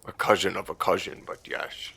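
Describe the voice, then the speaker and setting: A man voicing a gruff, nervous male brawler who swears bluntly. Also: low-pitched, little pitch movement, bright, forceful tone, voice pushed down, exaggerated voice. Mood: grumbling. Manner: blunt, swears, slow heavy delivery.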